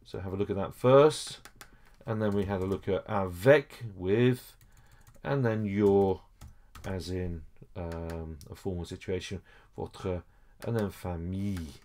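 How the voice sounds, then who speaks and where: A man's voice: deep voice, measured pace, darkish tone. A man teaching a French lesson over a screen recording, explaining each step patiently with frequent okays and small hesitations.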